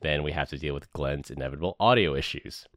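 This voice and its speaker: A man's voice: rumbling low, fast, no echo, clean studio sound. A man hosting a podcast, narrating a prepared year-end recap in an earnest, scripted way. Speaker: podcast host. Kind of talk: scripted narration and casual chat.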